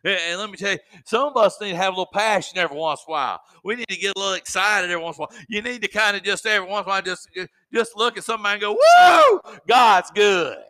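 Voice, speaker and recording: A man's voice: high-pitched, rapid-fire, few pauses, sharp tone. A man preaching a sermon in a fervent, exhorting way with folksy asides.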